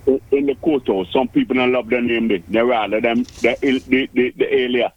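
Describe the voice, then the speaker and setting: A man with an Antiguan Creole accent chatting on radio, halting and repeating his words. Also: medium pitch, steady tone, dry recording, dull audio. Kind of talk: casual radio chat.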